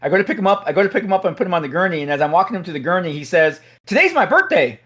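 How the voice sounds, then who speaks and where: Male host, slightly high voice, animated storyteller who builds to loud punchlines. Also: rapid-fire. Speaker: host, SWAT officer. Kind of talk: casual storytelling chat.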